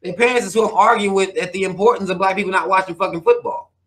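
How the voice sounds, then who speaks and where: A man's voice: sits high, fast, a bit bright. A man hosting his own channel, reading viewer comments and ranting in a heated, profane, preachy way. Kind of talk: casual rant to viewers.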